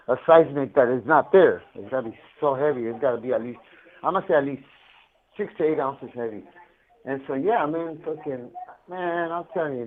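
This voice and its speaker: Profane man on a tinny prison phone. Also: medium pitch. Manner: profane, laughing storyteller. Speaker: incarcerated caller. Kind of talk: casual chat over a prison phone call.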